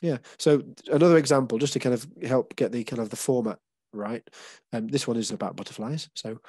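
A man's voice: mid-range voice, fairly quick, a little mellow, slightly rough, no echo. Man, English accent, patient explainer, hesitant fillers, dry close sound. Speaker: workshop leader. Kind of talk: casual group session.

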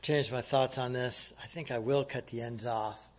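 A man casually explaining a woodworking project, thinking aloud in a relaxed way as he works. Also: medium pitch, moderate pace, slight background noise.

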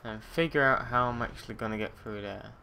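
Bright-voiced man grumbling at a game. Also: mid-range voice, brisk, vocal fry, a little hiss or hum. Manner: swearing, frustrated muttering at the game. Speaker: let's play gamer. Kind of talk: casual gameplay commentary.

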